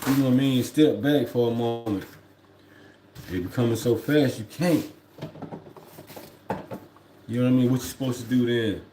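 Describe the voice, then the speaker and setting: A man's voice: medium pitch, normal speed, long pauses, roomy sound, over music. A man who drives trucks talks casually on a home livestream, rambling and reflective, often repeating "you know what I mean.". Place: at home, indoors.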